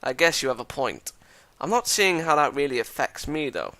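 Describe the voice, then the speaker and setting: A man's voice: fairly high pitch, sing-song, normal speed, bright, forceful tone, no echo, exaggerated voice. Welsh man reading a dry, skeptical student.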